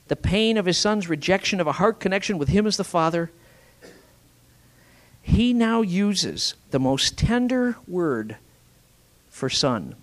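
A fairly high-voiced man preaching with great animation, his pitch leaping up and down from phrase to phrase. He moves between forceful emphasis and near-whispered lines. He keeps asking the congregation rhetorical questions. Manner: dramatic, swinging from forceful emphasis to hushed whispers. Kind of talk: sermon.

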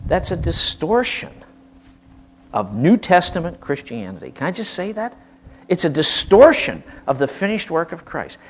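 An older man from the Midwest, preaching a sermon in an impassioned, emphatic way, swinging from hushed asides to loud declarations. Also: fairly high pitch. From American Midwest.

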